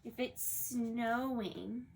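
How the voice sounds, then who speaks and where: A woman teacher reading a picture book aloud in an animated way and then asking her class questions about it. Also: on the high side, drawn-out words, gravelly, slight background noise.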